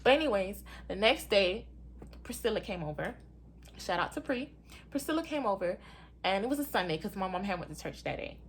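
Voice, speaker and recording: A young woman tells a personal story in a relaxed vlog, speaking to her viewers as y'all. Her delivery is animated, and she jumps up into a high voice whenever she quotes someone. Her voice sits in the middle range, and a faint noise hum runs under the recording. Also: fairly quick. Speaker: vlogger telling her birth story.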